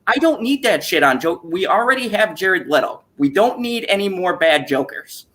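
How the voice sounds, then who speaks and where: A woman's voice: lowish voice, sing-song, normal speed, hardly any pauses, a bit bright. A woman hosting a casual stream, ranting in a profane, exasperated way with frequent laughter. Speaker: streamer hosting an open chat.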